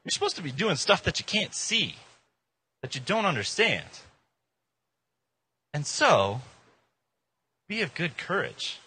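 A man preaching a casual, joking sermon in an informal, animated way. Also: fairly high pitch, a little slow, long pauses, husky. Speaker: pastor.

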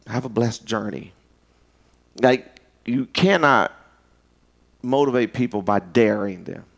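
A man preaching a sermon in an animated, storytelling way, jumping up in pitch when he acts out quoted voices, speaking. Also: slow, vocal fry.

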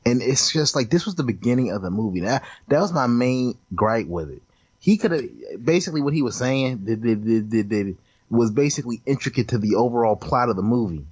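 Husky guy co-hosting, stammery and laughing, sounds a bit muffled. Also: medium pitch, lively intonation, darkish tone, no echo. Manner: laughing, swearing, quick to stammer. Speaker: podcast co-host. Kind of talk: casual movie review chat.

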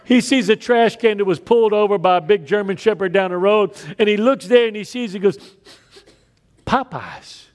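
A man preaching a sermon, telling stories with big swings between loud raised lines and quiet emphatic drops. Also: high voice, brisk, few pauses. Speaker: pastor.

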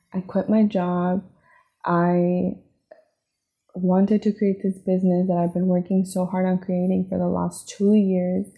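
A podcast host with a lowish, fry-laden voice reflects on her personal struggles in a confessional monologue, sounding emotional and near tears. She leans on fillers like "like" and "right?". The recording is muffled.

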